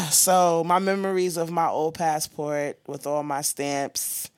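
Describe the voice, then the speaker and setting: A woman hosting a podcast, venting in casual chat with blunt, profane and animated talk. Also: sits low, slow, clear, resonant tone, dry recording, clean studio sound. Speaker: podcast host.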